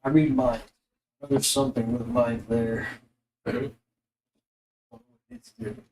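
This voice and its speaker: A man's voice: mid-range voice, little pitch movement, unhurried, recorded from a distance, background noise. Man running a tabletop game in an echoey room. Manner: loose, rambling narration with fillers. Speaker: dungeon master.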